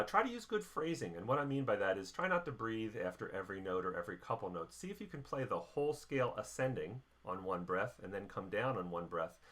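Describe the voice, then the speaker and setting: A middle-aged man teaching a band warm-up lesson, explaining each step patiently. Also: lowish voice. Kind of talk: instructional lesson.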